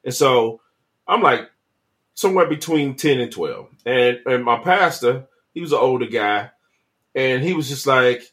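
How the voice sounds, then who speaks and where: A man's voice: mid-range voice, lively intonation, unhurried, fairly bright tone. A man co-hosting a casual chat, telling a childhood story in an easygoing, drawling way with frequent restarts. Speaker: podcast co-host.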